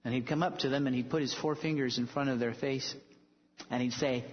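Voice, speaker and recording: A man's voice: medium pitch, steady tone, brisk, a little hiss or hum. A male preacher giving a sermon, telling stories emphatically and building to bold declarations. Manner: emphatic storytelling, rising to declarations. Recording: echoey hall, dull lo-fi sound.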